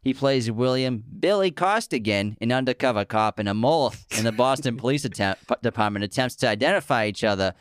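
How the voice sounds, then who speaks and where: A man's voice: medium pitch, lively intonation, a little fast, few pauses, clean tone, no echo, clean studio sound. A man co-hosting a podcast, chatting casually and enthusiastically about films and summarizing their plots. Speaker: podcast co-host. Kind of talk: casual film discussion.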